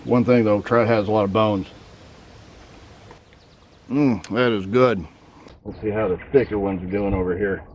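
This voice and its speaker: A man's voice: on the low side, unhurried, pauses often, highs cut off, a little hiss or hum. Man talking with his mouth full. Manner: relaxed, eating while talking. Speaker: channel host. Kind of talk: casual vlog.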